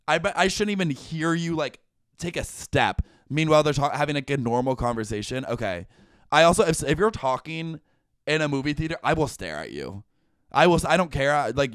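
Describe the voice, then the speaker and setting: Young man ranting with a crisp voice. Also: on the high side, no room sound, studio quality. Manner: profane, animated ranting. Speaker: podcast host. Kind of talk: casual comedic chat.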